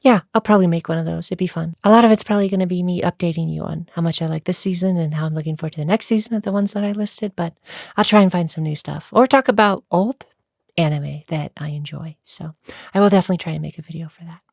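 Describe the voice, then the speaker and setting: Gravelly low-voiced woman vlogger. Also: quick pace, a little mellow, dry recording, clean studio sound. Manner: chatty, rambling, laughs often. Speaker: YouTuber answering viewer questions. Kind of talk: casual Q&A vlog.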